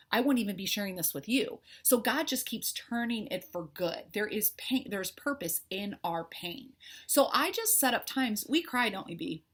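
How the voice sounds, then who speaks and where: A woman's voice: medium pitch, slightly rough. A middle-aged woman coach talking candidly to her followers, heartfelt and conversational, with a faith-filled manner. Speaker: life coach. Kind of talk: candid personal talk to followers.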